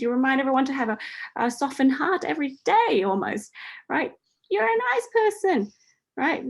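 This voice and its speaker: A woman in her forties giving casual spiritual coaching advice, chatty, asking "right?" again and again and laughing lightly. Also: on the high side. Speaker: host answering a listener's question.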